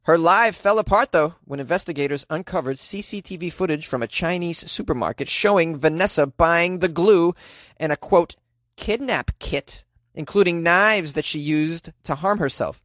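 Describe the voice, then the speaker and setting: Animated man doing sarcastic news riffs. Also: normal speed, dry recording. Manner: animated, sarcastic, laughs often, jumps to high squeaky voice for quips. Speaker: host. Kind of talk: comedic news commentary.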